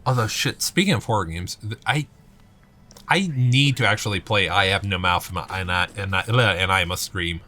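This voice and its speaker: A man's voice: low-pitched, normal speed, bright, forceful tone. A man co-hosting a let's play, chatting casually about games with lots of fillers, restarts and swearing. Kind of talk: casual chat while gaming.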